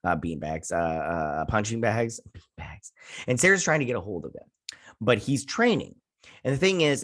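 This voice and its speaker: A man's voice: mid-range voice, dry recording. Rambling man recapping an episode, dry sound. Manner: rambling, loose, with many fillers and restarts; blunt, swears casually. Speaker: show host and reviewer.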